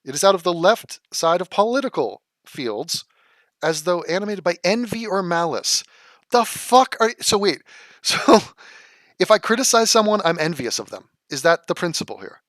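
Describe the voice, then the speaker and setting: A man's voice: high-pitched, sing-song, fairly quick, a bit bright, no room sound, studio quality. A man answering viewer comments in a vlog, sarcastic, profane and exasperated.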